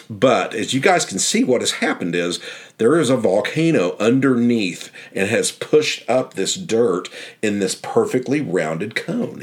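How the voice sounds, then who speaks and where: A man narrating a casual guided tour as a guidebook author, rambling and enthusiastic. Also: low-pitched.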